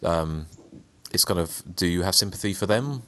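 A man's voice: sits low, animated, normal speed, bright, forceful tone, no room sound. A man co-hosting a casual podcast chat, hesitant, with many fillers and restarts. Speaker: podcast co-host.

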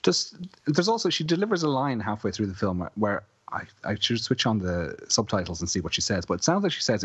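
A man in his forties co-hosting a film podcast, with a low, husky voice. He is wry and reads trivia notes aloud. The sound is dry and a little muffled. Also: very animated, a little fast, hardly any pauses, no room sound. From Ireland. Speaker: podcast co-host. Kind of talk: casual film podcast chat.

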